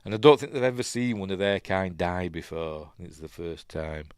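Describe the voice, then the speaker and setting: This Yorkshire film reviewer has a deep, clear, resonant voice with fairly even intonation and a moderate pace. His casual breakdown is rambling, emotional and chatty, packed with ums and uhs, in clean studio sound without echo.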